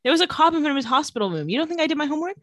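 A woman co-hosting a casual podcast recaps a TV episode, animatedly acting out the characters' lines. Her high voice races along, with no room sound.

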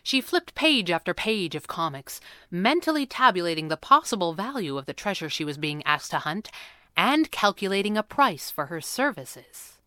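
Bright, crisp woman storyteller. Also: fairly low pitch, very animated, moderate pace, no room sound, studio quality. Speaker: narrator. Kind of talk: storybook reading.

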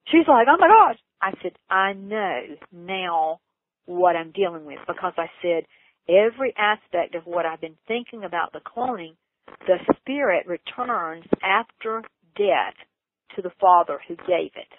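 A woman earnestly telling a personal story in an interview, her voice leaping high when she gets excited. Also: measured pace, dry recording. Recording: tinny phone line, dry.

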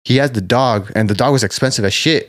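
A man's voice: mid-range voice, fast, no room sound, clean studio sound. A man co-hosting a casual podcast, swearing freely and telling long stories in which he acts out the people involved. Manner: profane storyteller, retells stories acting out the people in them. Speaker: podcast co-host.

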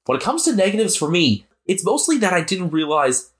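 A man's voice: sits high, big pitch swings, brisk. An American man co-hosting a podcast, chatting casually and analytically about football. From United States. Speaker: podcast co-host. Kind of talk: casual sports chat.

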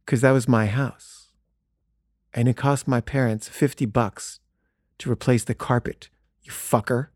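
Blunt schoolyard bully, gruff and low-key, as a man quotes him in a story, dry close sound. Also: steady tone, measured pace, darkish tone, no echo, natural voice. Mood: menacing.

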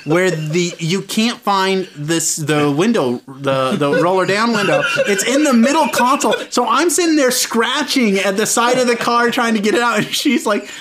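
A young man telling a comic anecdote in casual chat. He laughs often and jumps high in pitch when he acts out voices. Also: expressive, normal speed, few pauses, a crowd in the background.

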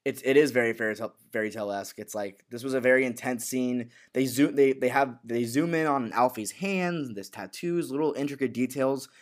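A man's voice: mid-range voice, a little fast, hardly any pauses. A man co-hosting a casual recap chat, rambling and repeating words as he acts out quotes. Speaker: podcast co-host.

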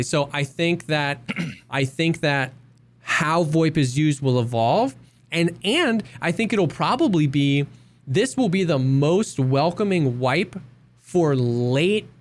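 A man co-hosting a casual gaming podcast, agreeable and thinking out loud in quick bursts. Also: fairly high pitch. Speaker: podcast co-host.

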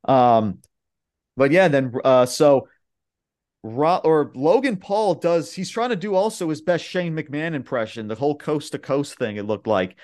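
A man's voice: a little high, measured pace, a little mellow. A young man hosting a podcast, recapping wrestling matches in a rambling, casual way with lots of fillers and swearing. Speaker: podcast host.

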